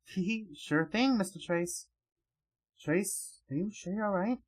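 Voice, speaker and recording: A man voicing a calm young male mage in a quiet, reassuring webcomic reading. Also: sits high, measured pace.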